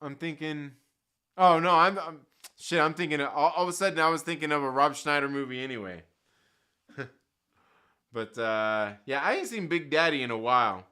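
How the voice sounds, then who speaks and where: A man's voice: a little high, moderate pace, pauses often, pushed and bright, clean tone. A man hosting a live stream, chatting casually with his viewers and reading their comments aloud, with slangy, profane jokes. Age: adult with children. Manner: slangy, profane and joking, laughs often.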